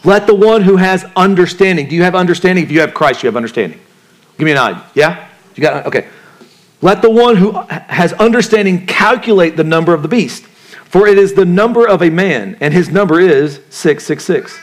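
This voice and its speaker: A man preaching a sermon to a congregation, talking in a relaxed way, asking them questions and joking in casual slang. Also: high voice, fairly quick. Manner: conversational, asks the congregation questions; uses casual slang and jokes. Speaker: pastor.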